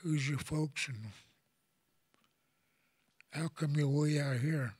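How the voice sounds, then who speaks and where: An older man from Oklahoma tells a personal story to an audience in a halting, plain-spoken way, often repeating words as he goes. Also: fairly high pitch, steady tone, a little mellow, slightly rough, dry recording, studio quality. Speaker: elder speaker.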